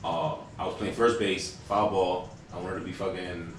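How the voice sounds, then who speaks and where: A man in his thirties co-hosting a podcast, telling stories in a casual, animated way with plenty of fillers and casual swearing. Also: low-pitched, normal speed. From Hispanic household. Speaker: podcast co-host. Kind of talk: casual storytelling chat. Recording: echoey room, mic at a distance, faint hiss.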